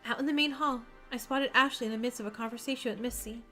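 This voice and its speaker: A woman's voice: on the high side, quick pace, hardly any pauses, pushed and bright, soft background music. A woman streamer reading a visual novel's narration aloud on a live stream, with small slips and self-corrections.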